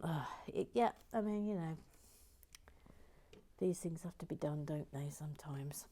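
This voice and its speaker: A woman's voice: sits low, a little slow, pauses often, warm tone. A woman hosting a building channel, chatting in a rambling, self-mocking way and often dropping to a whisper. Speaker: host. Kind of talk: casual chat while building a model kit.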